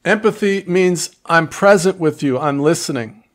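A man's voice: on the high side, moderate pace. A man giving earnest, direct relationship advice to viewers in a coaching tone. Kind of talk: instructive advice talk to viewers.

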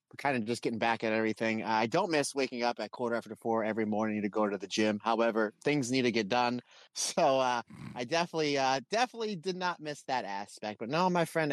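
A man's voice: medium pitch, dry recording. A man co-hosting a casual podcast, bantering in a jokey, friendly way. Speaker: podcast co-host.

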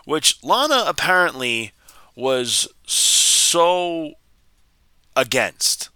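A man's voice: fairly high pitch, very animated, extremely slow, bright, forceful tone, smooth, dry recording. A man hosting a podcast, retelling a wrestling segment in a rambling, exasperated way with frequent restarts. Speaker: podcast host. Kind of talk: casual wrestling recap.

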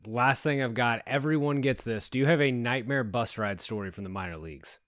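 A man's voice: mid-range voice, fairly quick, fairly bright tone, no room sound, studio quality. A man hosting a baseball podcast, asking questions and reading an upbeat sign-off. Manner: upbeat, reads sign-off smoothly. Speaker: podcast host. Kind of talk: interview and scripted outro.

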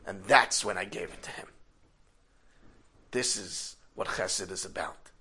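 A man voicing a proud middle-aged hotel owner who flares into shouting. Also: low voice, unhurried, slight background noise, voice pushed down. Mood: sincere. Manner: swings from calm to furious shouting.

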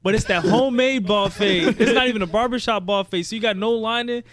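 A young man co-hosting a podcast in casual chat, with a relaxed, trailing-off delivery. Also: high-pitched, fairly quick, no room sound, studio quality. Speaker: podcast co-host.

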